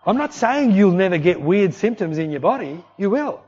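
A man preaching in a loose, conversational style, his voice sitting a little high for a man. He slips into quick acted voices as he tells stories. The recording sounds dull and lo-fi. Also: husky. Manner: conversational, animated, acts out voices in anecdotes. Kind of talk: sermon.

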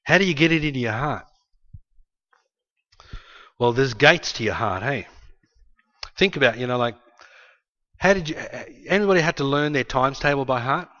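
Brief: man, preacher, animated storytelling sermon, loud-soft swings, muffled sound. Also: mid-range voice, normal speed, pauses often. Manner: emphatic, storytelling, frequent "hey" asides, swings from loud to quiet. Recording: dull lo-fi sound.

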